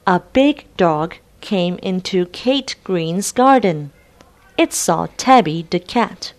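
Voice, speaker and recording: A woman reading a children's storybook aloud in a clear, deliberate way. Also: on the low side, lively intonation. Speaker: storybook reader. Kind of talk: slow read-aloud storybook narration.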